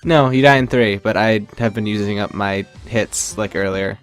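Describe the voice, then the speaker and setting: A man's voice: on the low side, normal speed, faint music behind. A man commenting on a game he is playing, explaining it in a rambling, casual way full of "like" and "um". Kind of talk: casual group chat.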